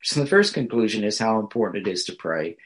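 Man, pastor, sermon, fairly low voice, measured, earnest, pausing. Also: expressive. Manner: measured, earnest preaching with pauses and fillers.

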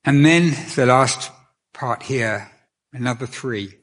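A man's voice: medium pitch, slow pace, fairly bright tone. A man preaching a sermon in a conversational way, often restarting his sentences. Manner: conversational, with many restarts and fillers.

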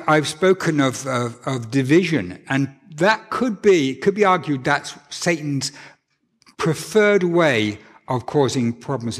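A man's voice: fairly high pitch, long reverb tail. A male pastor giving an earnest, conversational sermon in a church, often restarting his sentences. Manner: earnest, animated, with frequent restarts.

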